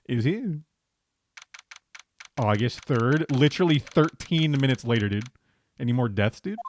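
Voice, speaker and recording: A man's voice: mid-range voice, expressive, a little slow, pauses often, a little mellow, slight background noise. A man streaming a game, joking casually and tossing slang between lines.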